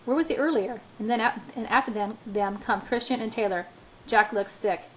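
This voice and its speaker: A woman's voice: a little high, normal speed, slight background noise, poor audio. A woman reading a first-person novel aloud, often stumbling and restarting words. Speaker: audiobook reader.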